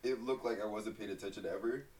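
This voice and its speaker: A young man, a podcast guest, chatting casually and profanely, often quietly. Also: fairly low pitch, fairly even intonation, fast talker, distant mic, poor audio. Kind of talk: casual chat.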